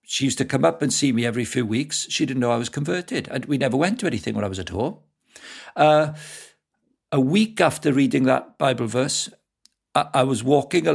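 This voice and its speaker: Gravelly Welsh man telling stories. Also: medium pitch. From Wales. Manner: lively storyteller who laughs often. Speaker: guest evangelist. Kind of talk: casual storytelling interview.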